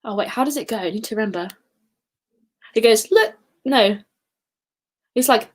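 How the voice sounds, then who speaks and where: A woman hosts a relaxed live-stream quiz in a high voice. She is chatty and giggles easily, and now and then breaks into short sung snippets. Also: moderate pace, long pauses. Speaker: quiz host.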